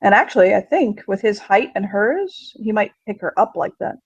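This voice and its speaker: A man narrates his character's actions in a collaborative role-play, thinking aloud in a relaxed way. His voice is gravelly and husky. The dry recording sounds dull and lo-fi. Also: sits high, moderate pace, no echo.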